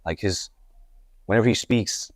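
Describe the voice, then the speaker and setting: This young Puerto Rican hip-hop artist, appearing as a guest, recounts his life in casual interview storytelling that is candid, rambling, and full of restarts. He speaks at normal speed with a fairly low pitch, and there's no echo.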